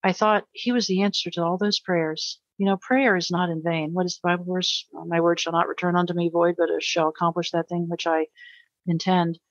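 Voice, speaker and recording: A middle-aged woman speaks as an interview guest, her voice sitting somewhat low. She tells her story earnestly, often repeating words for emphasis. The sound is dry and a little dull, like remote call audio. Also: flat delivery, a little fast, dry recording. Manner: earnest, emotional storytelling with repetitions.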